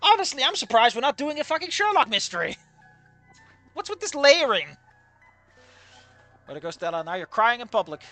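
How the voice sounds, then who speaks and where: A sarcastic game commentator with a bright, sharp voice that swings widely in pitch while ridiculing a visual novel. Faint game music plays behind the talk. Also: sing-song, normal speed, pauses often. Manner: sarcastic, exasperated, laughs at the writing. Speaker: let's play commentator.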